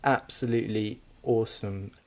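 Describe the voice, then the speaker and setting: A man's voice: fairly low pitch, fairly even intonation, moderate pace. A man answering interview questions in a casual, candid way, playing along with a comedy sketch. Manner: casual, candid, laughing easily.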